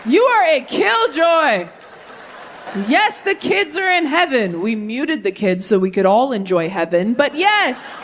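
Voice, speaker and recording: Lively stand-up comedian woman. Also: high voice, measured pace, some chatter behind, a little hiss or hum. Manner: animated, jumps between mock voices for punchlines. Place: comedy stage with a live audience.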